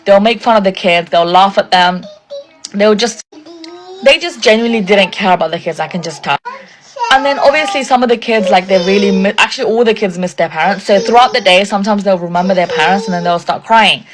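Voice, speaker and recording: Young woman, casual indignant storyteller, middle pitch, filler-heavy. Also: a little fast. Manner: indignant, chatty, lots of "like" fillers.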